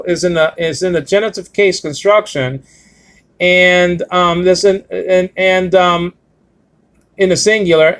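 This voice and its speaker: A man with a fairly high voice teaching a casual Bible Greek lesson. He stops often to check that listeners follow, fills pauses with "uh," and slows down to sound out words letter by letter. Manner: halting, with frequent fillers and "okay?" checks. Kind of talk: informal Greek grammar lesson.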